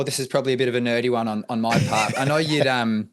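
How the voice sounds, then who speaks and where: A man's voice: medium pitch, steady tone, fast talker. A man co-hosting a podcast, friendly and a little self-deprecating as he asks questions. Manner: friendly, a bit self-deprecating, laughs easily. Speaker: podcast co-host. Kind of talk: casual chat.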